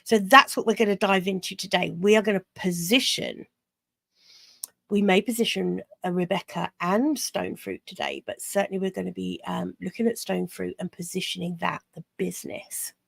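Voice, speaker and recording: A woman, a business coach, talks through ideas in a casual podcast chat. Her voice has a gravelly, creaky texture, and she keeps restarting sentences as she goes. The sound is dry and close, with no room around her. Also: lowish voice, fairly even intonation, moderate pace, a bit bright, no echo. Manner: chatty, self-correcting, laughs easily.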